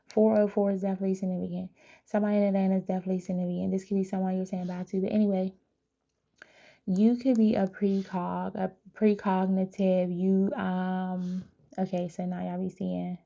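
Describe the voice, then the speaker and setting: A chatty woman runs a live psychic reading and talks straight to her viewers. Her voice is mellow with a gravelly edge, and she stays in a flat, narrow pitch band. The sound is a little dull and lo-fi. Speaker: tarot reader.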